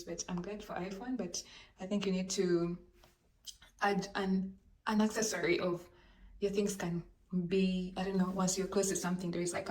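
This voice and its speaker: A woman telling a dramatic storytime vlog to her viewers, talking into a handheld phone in a lively, animated way. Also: lowish voice, distant mic. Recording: roomy echo, voice off-mic, faint background noise.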